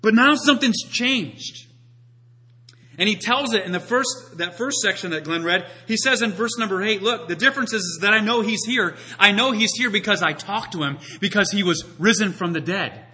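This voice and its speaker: A man preaching a sermon, animated and acting out the voices in the story. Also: high voice, moderate pace, husky. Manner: animated, acts out quoted voices. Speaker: pastor.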